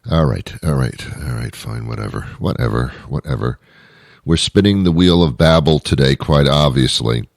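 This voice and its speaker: A man's voice: a bass voice, expressive, normal speed, creaky, no room sound, studio quality. A man hosting his own show, delivering a rambling comic monologue full of wry asides and self-interruptions. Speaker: show host. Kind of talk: comedic monologue.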